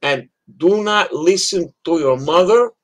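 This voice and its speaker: A man's voice: high-pitched, animated, measured pace, voice pushed up, low-quality recording. A man voicing his stern older immigrant father, speaking in broken English. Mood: earnest urging.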